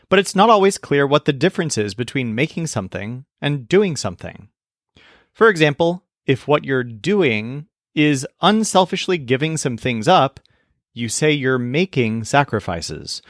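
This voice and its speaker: A man narrating a scripted language lesson, explaining clearly and slowing down to model example phrases. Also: medium pitch, no echo, clean studio sound. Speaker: language teacher.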